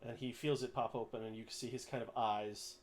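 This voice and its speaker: A man narrating as game master in a tabletop game, relaxed and descriptive. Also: mid-range voice, a little fast, slight background noise.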